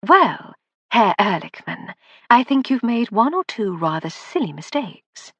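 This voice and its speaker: A woman's voice: a little high, very animated, measured pace, fairly bright tone, no echo, muffled recording, pitched above the performer's own voice, full character voice. Woman doing a cool aristocratic lady. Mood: coolly defiant. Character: composed upper-class English lady, sharp-witted.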